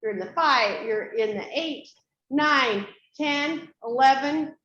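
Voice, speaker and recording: A woman host reacting warmly and laughing easily as she chats about her family. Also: high-pitched, takes it slowly. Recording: echoey room, slightly dull sound, faint noise.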